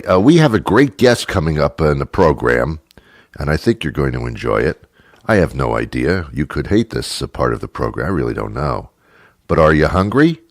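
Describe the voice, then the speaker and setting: A man's voice: rumbling low, no echo, studio quality. A man hosting a talk show, rambling through a comic monologue in a chatty, self-mocking way. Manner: chatty and self-mocking, slipping into silly put-on voices.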